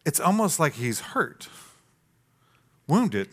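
Male pastor, sermon delivery, animated storyteller who acts out the quotes. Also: mid-range voice, moderate pace.

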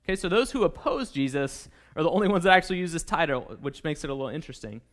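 A man's voice: fairly high pitch, lively intonation, rapid-fire, a bit bright. A man preaching a sermon in a conversational way, checking in with the listeners often. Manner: conversational, with frequent "okay?" and "right?".

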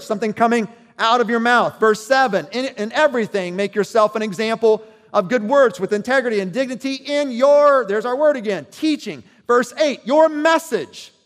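A man's voice: extremely high pitch, moderate pace, hardly any pauses, a bit bright, big-room sound. A man preaching a sermon as pastor, talking conversationally and checking in with his listeners.

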